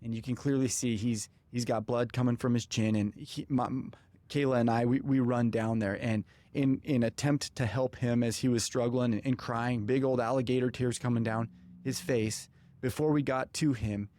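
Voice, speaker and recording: A man hosting a podcast, telling a personal story in an animated way and acting out the dialogue. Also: medium pitch, moderate pace. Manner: animated, acts out quoted dialogue. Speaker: podcast host. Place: podcast studio.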